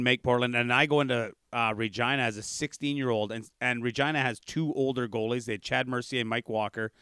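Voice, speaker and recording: A middle-aged man from Canada in a casual chat, telling old hockey stories in an animated way and acting out what others said. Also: medium pitch, clean tone, dry recording, studio quality. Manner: animated storyteller, acts out quotes loudly.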